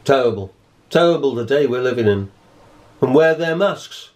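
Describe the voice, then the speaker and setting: A man's voice: medium pitch, animated, moderate pace, a little mellow. A man giving an indignant monologue to camera, emphatic and repeating his points. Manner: emphatic, repeats points, acts out both sides of an argument. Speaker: vlogger.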